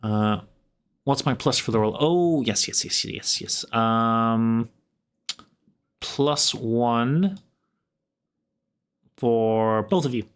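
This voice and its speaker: Slow-talking Irish man running a game. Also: mid-range voice, clear, resonant tone. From Ireland. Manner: slow, laid-back, chuckling often while reading chat. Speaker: game master and streamer. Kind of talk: casual live-stream chat while running a tabletop game.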